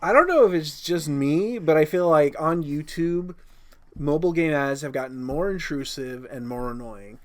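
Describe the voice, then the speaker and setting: A young man co-hosting a podcast, in casual chat, laid-back, with wry deadpan asides. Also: on the high side, moderate pace. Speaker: podcast co-host.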